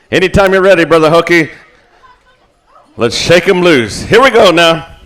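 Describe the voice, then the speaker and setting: A man's voice: a little high, very animated, takes it slowly, fairly bright tone, some chatter behind. A man emceeing a powwow over the PA in an outdoor arena, joking between calls. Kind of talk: live arena announcing.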